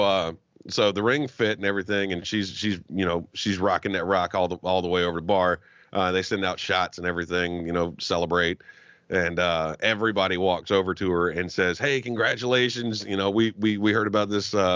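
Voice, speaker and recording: A low-pitched man tells a rambling, profane story and acts out every quote as he goes. The audio is dull and dry, with a lo-fi podcast sound. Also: fairly even intonation, fairly quick, fairly bright tone, dry recording. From Arab heritage. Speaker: podcast guest. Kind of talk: casual storytelling.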